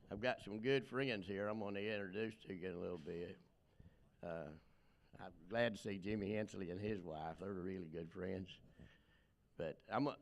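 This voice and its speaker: Older man with a gravelly voice. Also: low voice. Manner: plainspoken, rambling, emotional, with many fillers. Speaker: recovery testimony speaker. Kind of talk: personal testimony.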